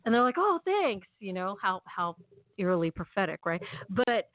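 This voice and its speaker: A woman telling a long story in casual chat, animated and chatty, acting out her own lines. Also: fairly low pitch, normal speed, dry recording. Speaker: podcast co-host. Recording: tinny phone-like call audio.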